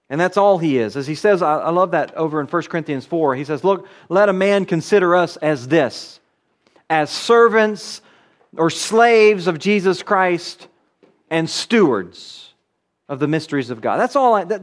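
A man preaching a conversational sermon, reading scripture aloud and explaining it. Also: sits high. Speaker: pastor.

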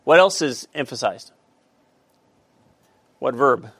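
A man teaching a Bible study class, halting with many fillers and asking the class questions. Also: mid-range voice, expressive, fairly bright tone, dry recording.

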